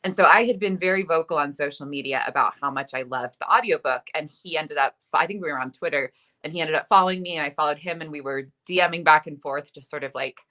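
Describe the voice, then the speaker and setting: A woman author telling a lively, self-deprecating anecdote in a chatty interview, full of "like" and asides. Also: low-pitched, fast talker. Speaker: author guest. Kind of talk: animated anecdote on a video interview.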